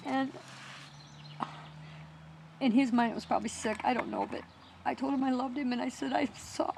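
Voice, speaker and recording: A middle-aged woman telling her own story in an emotional, halting way, with restarts and soft laughs. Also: sits high, steady tone, vocal fry, slight background noise. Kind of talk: personal storytelling.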